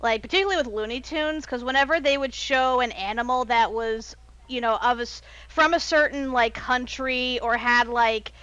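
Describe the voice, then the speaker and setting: Female co-host, slightly high, dry and muffled sound, chatty. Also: normal speed, sharp tone, smooth, no room sound. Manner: chatty, many fillers. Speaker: podcast co-host. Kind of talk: casual chat.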